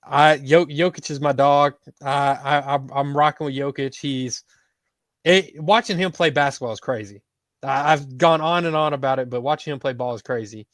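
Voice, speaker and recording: A man's voice: medium pitch, moderate pace, dry recording. A man co-hosting a casual sports talk show, rambling through his basketball takes in a laid-back way. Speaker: podcast co-host.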